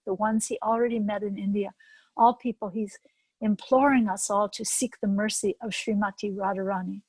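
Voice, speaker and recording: An older woman gives an earnest devotional talk, telling stories and reading scripture verses slowly. Her voice sits at an ordinary middle pitch. The recording is dry and close, with no room sound. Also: a little mellow, no echo, poor audio. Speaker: spiritual teacher.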